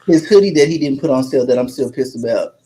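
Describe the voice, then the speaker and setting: A man co-hosting a casual podcast, throwing in quick jokes during a live match. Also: mid-range voice, animated, warm tone, low-quality recording. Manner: joking, quick quips. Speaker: podcast co-host. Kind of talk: casual live watch-along chat.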